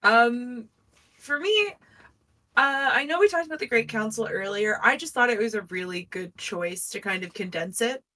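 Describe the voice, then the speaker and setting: A woman co-hosting a podcast, chatting in a relaxed, thoughtful way and laughing easily. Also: on the high side, moderate pace, recorded from a distance. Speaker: podcast co-host. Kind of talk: casual podcast chat.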